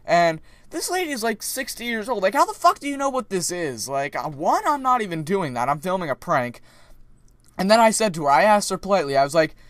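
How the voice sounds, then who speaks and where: A young man vlogging casually, retelling a story in a rambling, animated way with many restarts. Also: high-pitched, a little fast, no echo.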